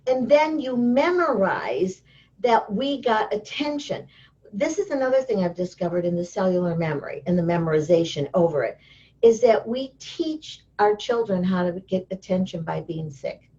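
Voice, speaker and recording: A woman guest in an interview, telling stories in a lively way and acting out the voices of the people she quotes. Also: mid-range voice, moderate pace. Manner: lively storyteller who acts out quoted voices. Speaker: interview guest, healing teacher. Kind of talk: casual interview talk. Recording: dull lo-fi sound.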